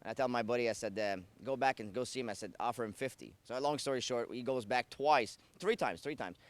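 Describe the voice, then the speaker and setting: A man's voice: mid-range voice, brisk, no room sound. A man with a French-Canadian accent, a racing driver telling stories in a casual interview, rambling and correcting himself. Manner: rambling, self-correcting, many fillers. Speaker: harness racing driver, guest.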